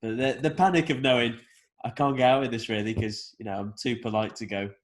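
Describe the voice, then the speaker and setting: A man hosting a chatty podcast, with a voice of ordinary middle pitch. He tells stories against himself in a relaxed way, with plenty of ums and uhs. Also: brisk. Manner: relaxed, self-deprecating storytelling with fillers. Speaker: podcast host. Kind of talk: casual chat.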